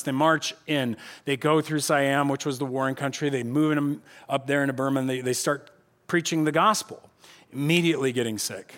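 A middle-aged male pastor preaching a sermon on a church stage, telling the story with lively acted-out voices. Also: medium pitch, a little fast. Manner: animated storytelling, acting out voices of the people.

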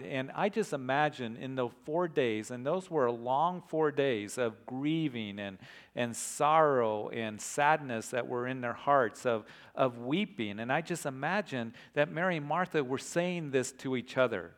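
A man's voice: a little high, normal speed. Earnest male pastor preaching. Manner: earnest preaching, softens to a hushed prayer. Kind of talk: sermon.

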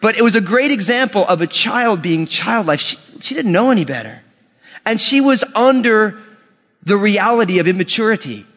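A male pastor preaching a sermon, telling family stories with animation and slowing down to read scripture. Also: high-pitched. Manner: animated storytelling, slows for scripture reading. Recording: long reverb of a large hall.

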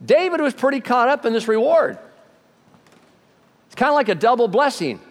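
Animated preacher man in a reverberant hall. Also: very high-pitched, moderate pace. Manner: animated storytelling, acts out voices. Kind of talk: sermon.

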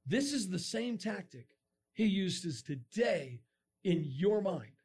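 Energetic male youth speaker, high voice, dramatic delivery with shouts. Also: slow, husky. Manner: energetic, dramatic, bursts into shouts and sound effects. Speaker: speaker addressing young people. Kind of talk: animated sermon talk.

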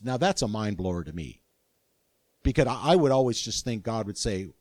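An older man preaching a sermon as pastor, earnest and animated, with frequent restarts. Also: lowish voice, moderate pace, dry recording.

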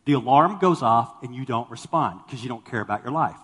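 A man's voice: medium pitch, lively intonation, fairly quick, a bit bright, breathy edge, big-room sound. A man preaching a sermon as a pastor to a congregation, talking animatedly and acting out the people he quotes. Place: church sanctuary with congregation.

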